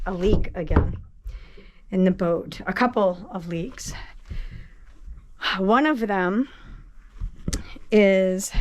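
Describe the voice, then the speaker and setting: Below deck on her boat, a New England woman with a medium-pitched, slightly mellow voice chats breathlessly in a casual vlog. The boat vlogger is talkative and laughing, rambling along slowly.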